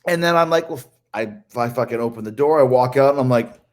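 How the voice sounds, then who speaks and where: A man casually telling a story among friends on a podcast, animated and profane, laughing often and imitating the people he talks about. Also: medium pitch, quick pace. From Canada.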